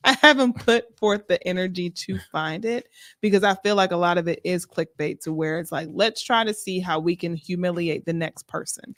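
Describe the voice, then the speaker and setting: A podcast co-host chatting casually, mostly giving soft murmurs of agreement. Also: medium pitch, moderate pace, dry recording, studio quality. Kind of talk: casual chat.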